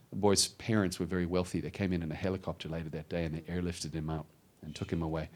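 A man preaching a sermon, telling his own story with lively storytelling and acted-out voices. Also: low voice, fast talker, few pauses. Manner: animated storytelling, acts out voices. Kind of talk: sermon testimony.

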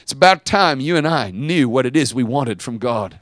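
A man preaching a sermon as pastor, dramatic, swinging from quiet asides to shouted lines. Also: mid-range voice, animated, normal speed, no echo.

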